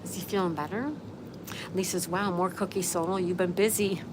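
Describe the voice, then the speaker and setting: Outdoors with a view, a woman hosts an easygoing livestream, reading comments out and answering every viewer by name in a friendly tone. Her fairly low voice moves at normal speed, with clear outdoor noise audible beneath it.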